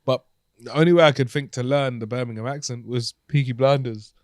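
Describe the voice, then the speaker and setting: A man's voice: medium pitch, fairly even intonation, fairly quick, no room sound, studio quality. A man with a London accent co-hosting a comedy podcast, talking in a laid-back, casual way with some swearing. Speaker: podcast co-host. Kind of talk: casual banter.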